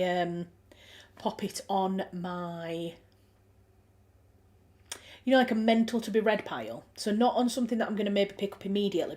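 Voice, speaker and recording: A woman's voice: mid-range voice, a little mellow. A woman with a Yorkshire accent hosting a writing livestream, chatting casually and reading out viewer comments with frequent ums and restarts. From Yorkshire, England. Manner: chatty, friendly, thinks aloud with many ums and restarts. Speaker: livestream host.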